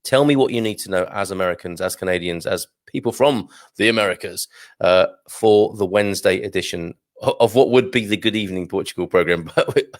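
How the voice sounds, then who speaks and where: In a small studio with clean, dry sound, a British man with a low-pitched voice hosts a livestream at a brisk clip. He rambles casually while reading viewer comments, frequently chuckling and poking fun at himself.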